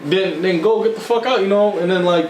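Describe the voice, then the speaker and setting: A man chats on a podcast and acts out every quote, jumping in pitch whenever he plays someone else. His voice sits a little high. He sounds distant in a roomy space, with faint hiss behind. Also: a little fast. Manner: animated storytelling, acts out quotes with sudden pitch jumps. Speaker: podcast co-host. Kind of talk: casual chat.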